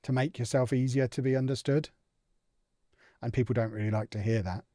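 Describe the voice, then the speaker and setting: An English man chatting casually on a live stream while he plays a game, thinking out loud and reacting to it. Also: mid-range voice, fairly even intonation, a little fast, no echo, clean studio sound.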